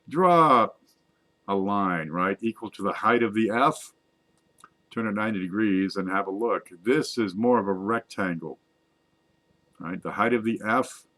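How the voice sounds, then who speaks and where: A man's voice: sits low, fairly bright tone. A man casually walking viewers through close-up coin images, chatty and self-mocking. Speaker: coin collecting video host. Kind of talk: casual screen-share show-and-tell.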